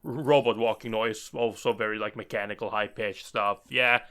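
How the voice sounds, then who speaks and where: A man's voice: on the low side, fairly even intonation, moderate pace, a bit bright, clear, resonant tone. A man co-hosting a podcast, chatting casually and rambling with many fillers. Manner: rambling, full of fillers and restarts. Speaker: podcast co-host. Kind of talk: casual chat.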